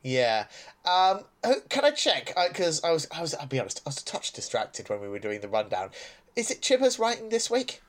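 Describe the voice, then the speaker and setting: A man's voice: fairly high pitch, huge pitch swings, fairly quick, a bit bright. A man co-hosting a podcast, chatting casually and sarcastically about a TV episode, often laughing. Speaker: podcast co-host. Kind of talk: casual chat reviewing a TV episode.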